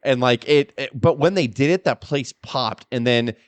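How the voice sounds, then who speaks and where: A man co-hosting a wrestling podcast in casual chat, animated, laughing and swearing freely. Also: medium pitch, normal speed, no room sound. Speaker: podcast co-host. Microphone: podcast microphone.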